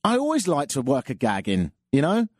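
Man, radio host, self-mocking, animated pitch, dry close sound. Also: brisk, no echo. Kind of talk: casual monologue with jokes.

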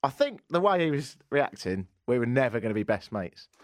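A very animated Englishman with a medium-pitched voice hosts a radio talk show, briskly telling a self-deprecating anecdote in a chatty manner. The sound is dry and studio-clean.

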